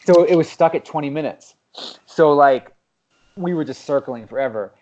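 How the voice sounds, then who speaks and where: Man swearing through an animated story. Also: on the high side, moderate pace, dull audio, slight background noise. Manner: animated storytelling, swears often, acts out people. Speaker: podcast co-host. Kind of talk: casual chat.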